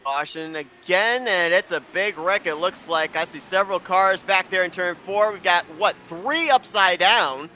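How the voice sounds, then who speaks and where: Brisk man calling a sim race. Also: high voice, bright, forceful tone, a little hiss or hum. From New York. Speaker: play-by-play commentator. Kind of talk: play-by-play commentary and read ads.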